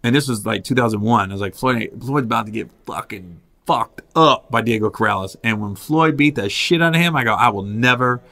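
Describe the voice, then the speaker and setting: A man hosting a podcast, telling animated stories in casual chat and breaking into high laughing impressions. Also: brisk, creaky, few pauses. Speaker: podcast host, comedian.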